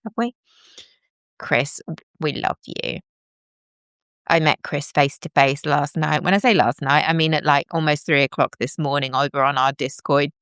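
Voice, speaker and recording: A woman's voice: low-pitched, moderate pace, fairly bright tone, no echo, studio quality. A woman hosting a casual live stream from home into a microphone, rambling and joking at her own expense as she talks with viewers. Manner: rambling, joking, self-mocking, chatty. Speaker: livestream host. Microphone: plugged-in microphone with headphones.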